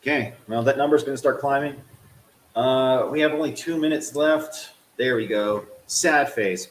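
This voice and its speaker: A man streaming a game, swearing at it and swinging from low grumbling to loud yelling while he talks to his chat. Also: moderate pace, reverberant, low-quality recording. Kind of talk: live game stream commentary.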